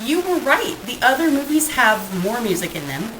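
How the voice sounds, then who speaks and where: A woman co-hosting a podcast, talking in a lively, swooping voice that rises fairly high. She is dramatic and expressive and laughs often. The recording has a roomy echo and faint background noise. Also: normal speed. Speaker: podcast co-host. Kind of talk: casual chat.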